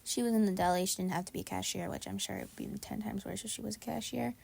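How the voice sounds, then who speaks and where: A woman's voice: mid-range voice, fast talker, vocal fry, darkish tone, husky. A young woman co-hosting a podcast, talking in a blunt, profane, ranting way during casual chat. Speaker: podcast co-host.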